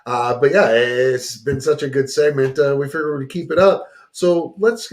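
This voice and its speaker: A man's voice: medium pitch, fairly even intonation, normal speed, hardly any pauses, slight background noise. A man hosting a casual chat show, joking around and reading sponsor plugs. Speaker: talk show host.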